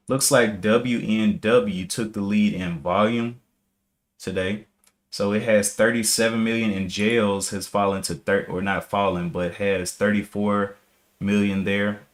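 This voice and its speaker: A man's voice: fairly low pitch, fairly even intonation, measured pace. A man streaming live day trading, casually thinking aloud, reading out viewer comments and correcting himself as he checks charts.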